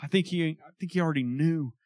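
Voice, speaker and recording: Man, pastor, conversational sermon, emphatic bursts, slightly high voice, dry close sound. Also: fast, a little mellow, dry recording.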